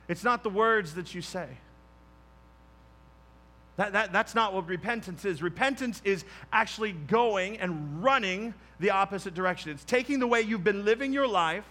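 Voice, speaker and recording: Guy preaching, fairly high bright voice, chatty and animated, goes quiet to stress points. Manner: conversational, animated, swings to quiet emphasis. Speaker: pastor. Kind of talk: sermon.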